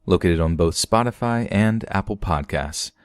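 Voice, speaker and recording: A man narrating scary stories in a steady, even storytelling manner, as the host of a horror reading podcast. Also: low-pitched, normal speed, clean tone, no room sound. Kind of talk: scripted narration.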